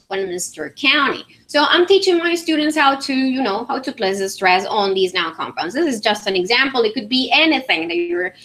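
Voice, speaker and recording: A woman gives a conference talk about teaching pronunciation. Her voice sits a little high and sounds bright. She explains things step by step, often pausing on fillers and checking in with the audience. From Venezuela. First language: Spanish. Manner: explanatory, many fillers and "all right?" checks. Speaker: English teacher presenting. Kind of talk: conference presentation with screen demo.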